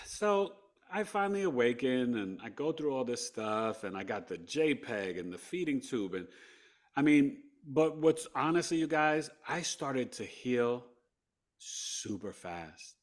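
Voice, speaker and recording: Male podcast guest from New York, mid-range voice, animated storyteller who shifts between hushed and loud. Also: mid-range voice, a little slow. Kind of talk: emotional personal storytelling.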